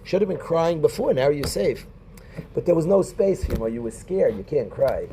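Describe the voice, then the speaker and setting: A rabbi teaching a Talmud class in a conversational way, quoting Hebrew and Aramaic and calling on students by name. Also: male voice, on the high side, expressive, moderate pace, mellow, slight background noise.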